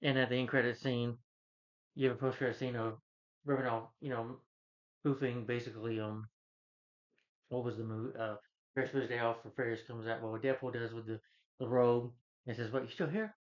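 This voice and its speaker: A man recapping a movie in a loose, rambling way, chuckling as he goes and restarting sentences. He keeps an ordinary middle pitch but lifts it to act out quoted lines. The recording is dull and lo-fi. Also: level tone, fairly quick, pauses often. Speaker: movie reviewer. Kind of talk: casual plot recap.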